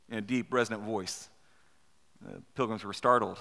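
A man preaching a storytelling sermon, halting and repeating words as he asks rhetorical questions and reads aloud from a book. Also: fairly low pitch, steady tone, vocal fry, bright, forceful tone. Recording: long hall reverb.

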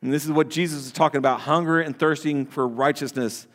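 Conversational pastor in a reverberant church. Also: male voice, fairly high pitch, steady tone, fairly quick, fairly bright tone. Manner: conversational, repeats words and restarts, asks the congregation questions. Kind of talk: sermon. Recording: long hall reverb.

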